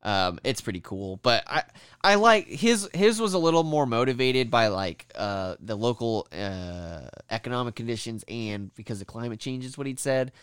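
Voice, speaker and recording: A man co-hosting a podcast, chatting in a relaxed way with wry asides. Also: medium pitch, moderate pace, clear, resonant tone, no echo, clean studio sound. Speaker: podcast co-host. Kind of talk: casual chat.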